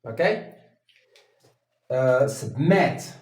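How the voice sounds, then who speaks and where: Guy teaching grammar, slow and halting, lots of uhs, sounds far off the mic in a roomy classroom. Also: medium pitch, animated. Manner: slow and halting, with many fillers and restarts. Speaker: English teacher. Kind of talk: grammar lesson at a whiteboard. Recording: echoey room, voice from off the mic.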